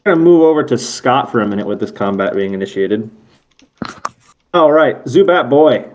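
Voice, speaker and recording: Casual man game master, mid pitch, chatty narration over a call. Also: animated, moderate pace. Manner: casual, rambling, self-correcting.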